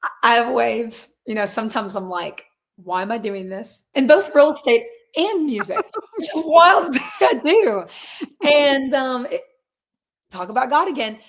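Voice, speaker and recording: An earnest woman in her twenties, a guest in a relaxed interview. Her voice sits a little high for a woman. She rambles, circles back, and slips into quoted asides. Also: measured pace. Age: 20s. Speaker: guest, singer and real estate agent. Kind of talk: casual conversational interview.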